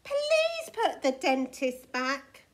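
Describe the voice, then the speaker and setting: A woman's voice: high voice, little pitch movement, normal speed, lightly acted. A woman voicing a weary, sighing dinosaur mother in a read-aloud storybook. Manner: sighing, patient.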